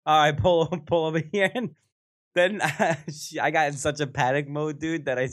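A man's voice: steady tone, moderate pace, fairly bright tone, no echo, studio quality. A man hosting a casual podcast chat, laughing often as he tells stories. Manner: laughing storyteller, jumps into shrill quoted voices. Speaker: podcast host.

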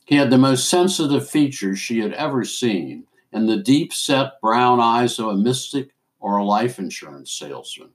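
A man hosting a show and reading a story aloud in a measured, deliberate way. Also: medium pitch, animated. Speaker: host and story reader.

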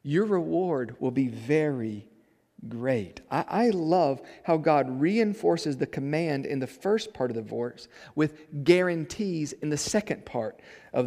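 Emphatic preacher in a reverberant church. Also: male voice, on the high side. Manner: swings from soft to loud, emphatic. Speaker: pastor. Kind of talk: sermon.

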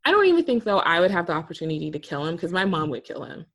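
A woman chatting casually, recapping a reality show as co-host, animated and laughing often. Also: lowish voice, rapid-fire.

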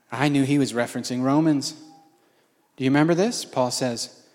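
A man's voice: mid-range voice, normal speed, long pauses, darkish tone. A man preaching a storytelling sermon in a conversational, self-mocking way. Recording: long hall reverb.

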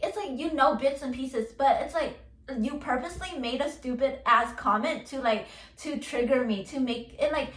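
A young woman rants through a casual podcast monologue, stacking filler words and curses as she vents. Her voice sits high. The recording is roomy and echoey, with her a little off the mic. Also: moderate pace, fairly bright tone, distant mic. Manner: ranting, heavy filler words, swears a lot. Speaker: podcast host.

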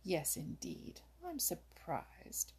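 A woman reading aloud voices Old Mother Nature, a wise, kindly but firm old woman who teaches the woodland animals patiently and can turn sharp. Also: on the low side, sing-song, extremely slow, full character voice. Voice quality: husky, creaky. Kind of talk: storybook reading.

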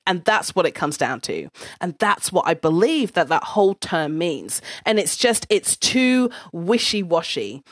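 A woman telling a personal story in a casual, blunt monologue. She swears freely and speaks with an animated delivery. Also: fairly low pitch, a little slow, no room sound, studio quality.

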